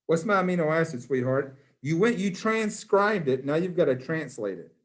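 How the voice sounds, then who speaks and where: A man's voice: on the high side, very animated, moderate pace. A man, a biology teacher in his classroom, quizzing students by name in a playful, encouraging way. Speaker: high school biology teacher.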